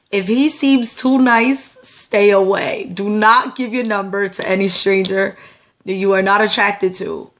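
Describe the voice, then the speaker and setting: A woman's voice: mid-range voice, fairly bright tone. Emphatic, profane young woman vlogger. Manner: emphatic, profane, keeps checking in with "okay?". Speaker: beauty vlogger. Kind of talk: storytelling vlog.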